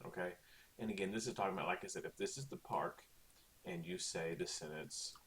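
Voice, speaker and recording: A man's voice: low voice, brisk, a bit bright, a little hiss or hum. A man teaching a recorded Spanish lesson in a chatty way, often checking in with "okay?".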